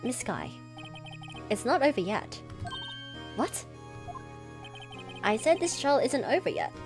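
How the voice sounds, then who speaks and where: An earnest young defense lawyer from a courtroom game, firm and determined, read by a woman in nearly her own voice. It's a fairly high, lively voice. Music plays behind. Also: slow pace, exaggerated voice.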